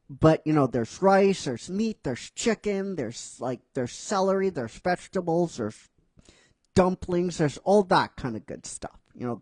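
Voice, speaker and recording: A man talks through his own story at an unhurried, slow pace, rambling with plenty of fillers and self-corrections. His voice sits a touch high for a man and is recorded dry and close. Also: darkish tone, no echo. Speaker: writer narrating his own fan script. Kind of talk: casual storytelling.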